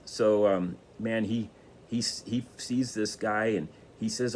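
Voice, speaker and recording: A man's voice: lowish voice, steady tone, measured pace, a little mellow, slight background noise. A man telling a motivational story in a casual, rambling way with many restarts. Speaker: motivational speaker.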